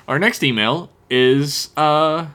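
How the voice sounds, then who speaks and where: A man's voice: on the high side, extremely slow, crowd noise. A man co-hosting a podcast, joking around and reading listener emails aloud in casual banter. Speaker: podcast co-host.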